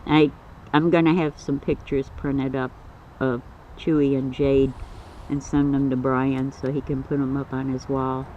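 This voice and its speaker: This snake keeper's voice is a little slow and a little mellow, with little pitch movement, as he talks casually in his yard about his pet snake and coos to it in a higher tone. The lo-fi camera audio is slightly dull, with faint outdoor sounds.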